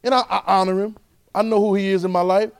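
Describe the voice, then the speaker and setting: A man teaching a Bible class in a sermon style, animated, with constant call-and-response checks of his listeners. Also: high voice, fast talker, clear, resonant tone. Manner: repetitive call-and-response, keeps asking "right?"; animated, swings loud and soft.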